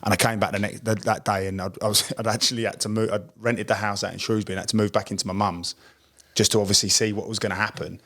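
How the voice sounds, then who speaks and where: A man's voice: lowish voice, quick pace. Man telling a story. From Essex, England. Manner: acts out quoted dialogue in lively voices. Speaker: podcast co-host, former pro footballer. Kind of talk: casual storytelling chat.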